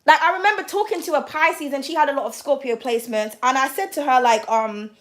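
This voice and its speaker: High-voiced blunt woman. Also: fast talker. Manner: blunt, profane, ranting. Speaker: tarot and astrology reader. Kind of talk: livestream chat.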